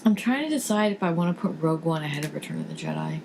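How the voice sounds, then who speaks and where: A woman's voice: deep voice, expressive, racing, gravelly, darkish tone. A tired woman in her thirties, a podcast guest, answering in a dry, unsure, offhand way. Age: 30s. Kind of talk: casual podcast chat. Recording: faint background noise.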